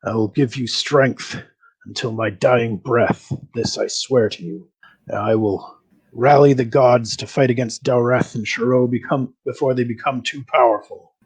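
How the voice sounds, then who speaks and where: A man voicing a mighty male war god who speaks slowly and formally, with a gravelly, husky voice. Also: mid-range voice, fairly even intonation. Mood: solemn. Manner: grave, slow, formal speech.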